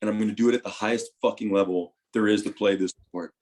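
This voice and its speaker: A young retired football player talks fast in a steady-toned, somewhat low voice during a candid interview about his life. Animated and swearing freely, he swings between loud bursts and hushed asides.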